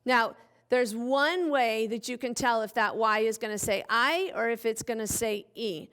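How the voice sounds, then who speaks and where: Slow, high-voiced playful woman teacher. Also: fairly bright tone, clear, resonant tone. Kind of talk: children's phonics lesson.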